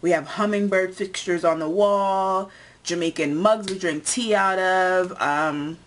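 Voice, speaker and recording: With a voice on the low side and a measured pace, a young US-born woman vlogs casually for a tag video, going through a list one item after another and using plenty of fillers.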